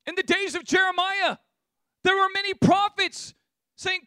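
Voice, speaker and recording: A man preaching a sermon with passion, building to shouts. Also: very high voice, flat delivery, measured pace, no echo, studio quality. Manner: impassioned, rising to shouts.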